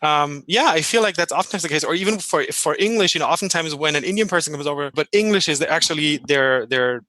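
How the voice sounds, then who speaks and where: A man with a German accent chatting on a podcast panel, his voice bright and fairly high. He talks loosely, circling back and restarting his sentences. The sound is close and dry, with no room around it. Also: fast talker, dry recording. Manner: chatty, many fillers and restarts. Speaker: podcast co-host. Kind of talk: casual panel chat.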